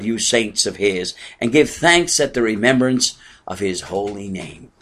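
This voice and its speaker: Older male preacher, earnest sermon delivery, soft asides and ringing exclamations. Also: medium pitch, animated, measured pace. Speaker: pastor.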